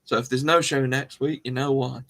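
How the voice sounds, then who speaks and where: Slow-talking man rambling. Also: medium pitch, vocal fry. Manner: rambling, musing aloud to viewers. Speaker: live stream host. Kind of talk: casual live stream chat.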